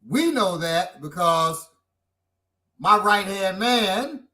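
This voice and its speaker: A middle-aged man from Chicago talks in a casual, animated way, his pitch and loudness swinging as he tells a story. His voice is bright and forceful and sits a little high for a man. He has a Chicago accent. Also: extremely slow. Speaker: podcast host. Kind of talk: casual chat.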